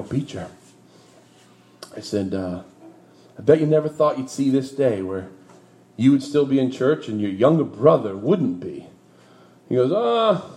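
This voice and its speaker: A man preaching, telling a personal story from his early ministry with lively asides and low, quiet turns at the sad parts. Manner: lively anecdotal storytelling that drops low and quiet for emotional moments. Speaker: pastor. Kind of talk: sermon storytelling.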